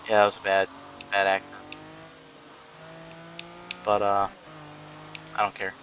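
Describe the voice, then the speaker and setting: A man's voice: lowish voice, monotone, takes it slowly, a bit bright, a little hiss or hum, low-quality recording. A man giving casual, rambling commentary while playing a racing game, full of ums and restarts. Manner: rambling, many fillers and restarts. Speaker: gaming YouTuber.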